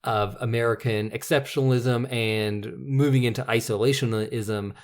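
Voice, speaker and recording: A man's voice: medium pitch, fairly even intonation, normal speed. A man co-hosting a casual podcast, talking enthusiastically about movies and rattling off lists. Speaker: podcast co-host.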